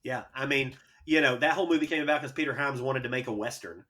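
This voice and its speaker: A man's voice: mid-range voice, quick pace, bright, forceful tone. A man who is a guest on a podcast, talking about films in an eager, earnest way. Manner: eager, earnest movie fan. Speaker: podcast guest arguing as defense. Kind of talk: casual podcast chat.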